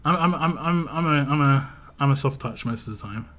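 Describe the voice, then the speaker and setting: A man's voice: fairly high pitch, a little fast, fairly bright tone. Laid-back English man chatting on stream. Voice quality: big, laid-back presence. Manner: rambling storytelling, frequent restarts and chuckles. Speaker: game livestreamer. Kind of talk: casual stream chat.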